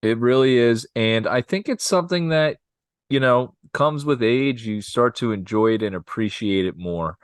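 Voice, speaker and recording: Upbeat male podcast co-host, mid pitch, dry booth sound. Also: moderate pace, clear, resonant tone, no echo. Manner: upbeat, laughs often, does playful impressions. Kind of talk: casual chat.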